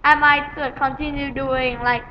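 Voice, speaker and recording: A woman giving rambling, excitable gameplay commentary on a dull lo-fi home recording, with sudden loud outbursts. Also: sits high, measured pace, a little hiss or hum. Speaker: gaming channel host.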